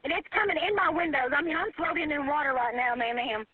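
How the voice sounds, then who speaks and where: A woman's voice: sits high, lively intonation, fast, no room sound. A panicked woman calling an emergency line, crying and pleading, repeating herself and calling the operator ma'am. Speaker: 911 caller. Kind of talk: emergency phone call. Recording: tinny phone line recording.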